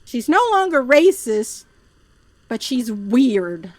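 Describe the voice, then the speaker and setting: A woman streaming and telling personal stories in a loose, chatty way, full of restarts and asides. Her voice sits high and her pace is unhurried. The sound is dry and close, with no room around it. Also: no room sound. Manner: animated, puts on voices when quoting people; chatty, frequent fillers and restarts. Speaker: VTuber streamer. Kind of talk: casual storytelling chat.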